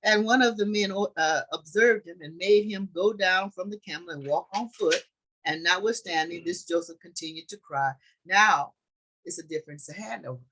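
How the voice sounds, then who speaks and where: A woman's voice: on the low side, moderate pace, pushed and bright, a little hiss or hum, low-quality recording. A woman teaching scripture in a conversational, preachy way, often restarting her sentences. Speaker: Bible study teacher.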